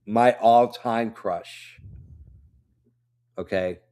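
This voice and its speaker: Guy on a podcast telling a fan story, gets excited, laughs easy. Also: lowish voice, extremely slow, clear, resonant tone. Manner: animated storyteller, laughs when nervous. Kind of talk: casual chat, storytelling.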